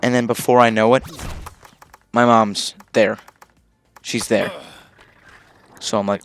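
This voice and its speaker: A man's voice: fairly low pitch, level tone, takes it slowly, gravelly, pauses often, a bit bright, slight background noise. A young man telling a casual story about his own life, rambling along with fillers and swearing.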